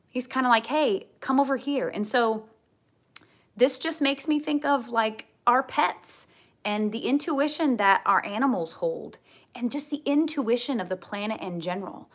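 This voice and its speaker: A woman giving a tarot card reading to camera, gentle and earnest, often repeating her key phrases. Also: on the high side. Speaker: tarot reader.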